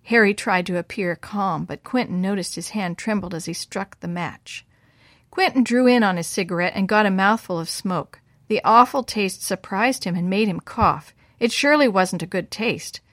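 A woman's voice: medium pitch, normal speed, no echo. Woman storyteller, children's story, dry close sound. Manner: lively voices for the boys' lines. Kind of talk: scripted storybook narration.

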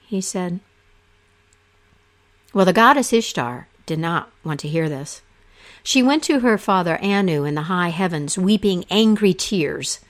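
A woman narrating an ancient myth aloud in a slow, expressive storytelling manner. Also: fairly low pitch.

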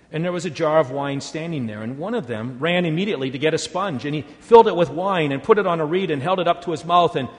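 A man giving a measured, solemn scripture reading. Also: mid-range voice. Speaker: scripture reader. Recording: long hall reverb.

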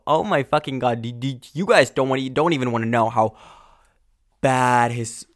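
A male podcast host ranting angrily and profanely in a casual monologue, full of fillers and sudden loud outbursts. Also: medium pitch, moderate pace, dry recording, studio quality. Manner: angry, exasperated, profane.

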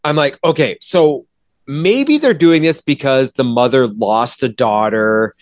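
Brief: male podcaster, mid-pitched, annoyed profane rant with mocking quoted voices, dry recording. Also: lively intonation, a little slow, no echo. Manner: exasperated, profane, acts out characters in quoted voices. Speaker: movie reviewer.

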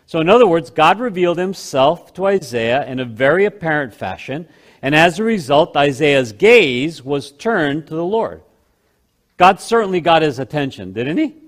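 A man preaching a sermon, slowing down to stress key phrases and swinging between loud and hushed delivery. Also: a little high, very animated.

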